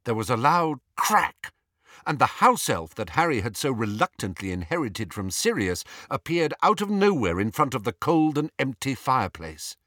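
A man reading a novel aloud as an audiobook narrator, in measured and expressive storytelling. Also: medium pitch, dry recording, studio quality. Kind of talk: scripted narration.

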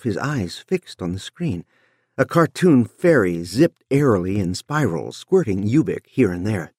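A man narrating an audiobook in a measured, expressive reading. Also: lowish voice, slightly rough, dry recording, clean studio sound. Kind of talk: scripted narration.

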